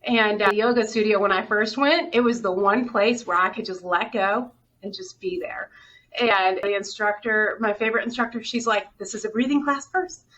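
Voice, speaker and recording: Bright-voiced woman telling it earnestly. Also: medium pitch, steady tone, normal speed. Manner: earnest, openly emotional storytelling. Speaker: hospital director, guest. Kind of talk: candid interview talk. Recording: dull, distant audio with faint noise.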